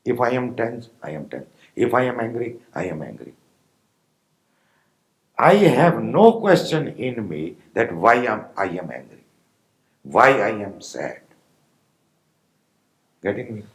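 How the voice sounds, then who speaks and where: A man with an Indian accent giving a slow, pausing spiritual discourse to meditators, often asking his listeners if they follow. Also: medium pitch, sing-song, poor audio. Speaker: spiritual teacher.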